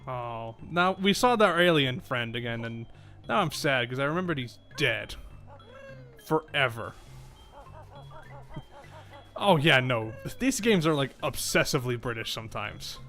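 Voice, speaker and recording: A man's voice: mid-range voice, expressive, unhurried, pauses often, bright, forceful tone, soft background music. A young man casually commenting on a video game he is playing, joking and swearing freely, and reading the characters' lines in silly voices. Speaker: game streamer.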